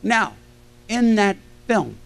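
An older man with a fairly high speaking voice tells stories from a convention stage. He performs the people in his tales as he goes, and his delivery keeps swinging with the story. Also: slow pace, vocal fry. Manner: animated anecdotes, acting out quoted voices. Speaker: convention panel guest. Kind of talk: storytelling to a live audience.

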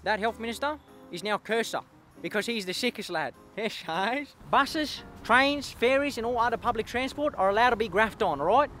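A man's voice: very high voice, expressive, moderate pace, fairly bright tone, soft background music. Man doing a cocky Aussie eshay lad leader. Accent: Australian. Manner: cocky slangy swagger, ends lines with bruh and lad. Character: brash young male eshay street lad as prime minister. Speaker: comedy sketch creator. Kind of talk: comedy sketch character.

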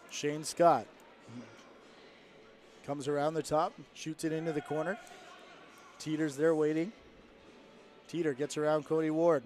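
Male play-by-play caller, fast and lively, a touch higher than most men. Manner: rapid play-by-play, rising with the action. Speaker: play-by-play commentator. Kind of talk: sports commentary.

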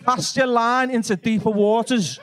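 A man's voice: very high-pitched, normal speed, a bit bright, clear, resonant tone, voice pushed up. A man putting on a matey, cheeky Scouse Jesus with a Liverpool accent for a comedy bit. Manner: jokey, matey.

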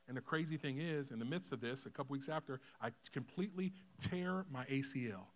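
A middle-aged man preaching a sermon, telling a personal story with acted-out dialogue, dropping to a hush and rising loud. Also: mid-range voice, fast, hardly any pauses. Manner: emotional storytelling, acts out dialogue, swings from hushed to loud. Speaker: pastor. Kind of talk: sermon testimony.

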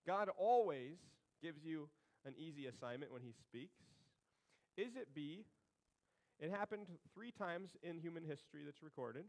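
A man's voice: fairly high pitch, lively intonation, normal speed, darkish tone, low-quality recording. A male pastor preaching a sermon in a conversational, humorous way, with sarcastic asides.

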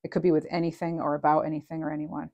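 A woman's voice: low voice, level tone, very fast, a little mellow, muffled recording. A woman giving a casual, channeled tarot reading, chatty and meandering with frequent ums, reading card messages aloud. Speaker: tarot reader.

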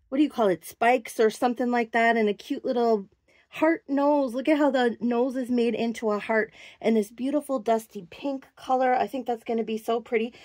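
A woman's voice: on the high side, darkish tone, no echo, studio quality. A woman chatting casually as she shows off doll clothes, gushing and cooing over every little detail. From Minnesota, USA. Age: adult, works in a clinic. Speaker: doll collector vlogger. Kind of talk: casual show-and-tell chat.

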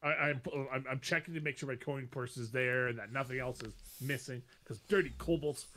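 A man playing in a tabletop game, talking in an animated, casual way. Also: medium pitch, brisk, dry recording.

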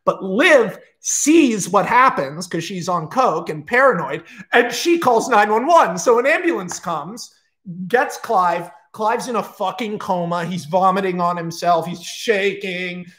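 A screenwriter telling a film pitch in a casual, rambling, profane storytelling style, full of energy and asides. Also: male voice, animated, measured pace, fairly bright tone.

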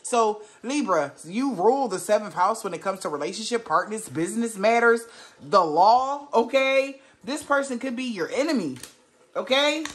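A woman's voice: fairly high pitch, animated, normal speed. A woman giving a casual tarot reading to a viewer, blunt and emphatic, swearing freely and firing off rhetorical questions. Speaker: tarot reader.

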